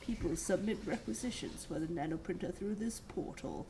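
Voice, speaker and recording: A grumpy depot boss who dislikes kids, voiced by a woman reading a story game. The lines come out low and muttered, with faint noise behind. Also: expressive, normal speed. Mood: grumbling.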